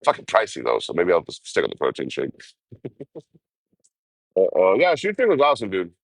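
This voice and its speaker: A low-voiced man rambles through a story on a livestream, cursing freely and laughing often. The sound is close and dry. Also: huge pitch swings, fairly quick, gravelly, no room sound. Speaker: vlogger. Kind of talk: casual livestream chat and storytelling.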